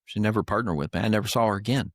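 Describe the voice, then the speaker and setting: Older male co-host, low, sincere storyteller, dry close mic. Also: very fast, no room sound. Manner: earnest, faith-filled, gets emotional. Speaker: podcast co-host. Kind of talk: heartfelt storytelling chat.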